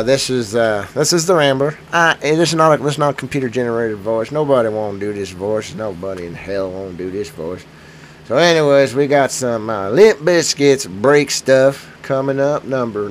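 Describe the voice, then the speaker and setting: A man's voice: medium pitch, normal speed, slight background noise. Sick, rambling male podcast host. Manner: rambling, joking, self-mocking asides. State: sick with a cold. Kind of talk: casual rambling podcast chat.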